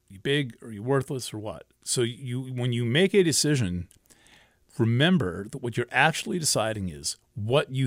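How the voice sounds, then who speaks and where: A man's voice: medium pitch, dry recording, studio quality. A man giving a casual astrology talk, rambling and emphatic, often restarting and cursing freely.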